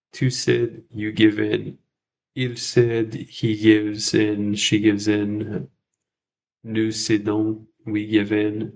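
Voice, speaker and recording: A man's voice: on the low side, gravelly, darkish tone. A man hosting a casual livestream study session, thinking aloud and repeating words as he checks himself. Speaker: French learner and livestream host.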